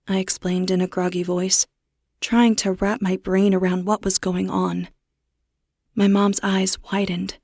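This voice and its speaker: A woman reading a first-person horror story as narrator, steady with a tense edge. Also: mid-range voice, moderate pace, no room sound.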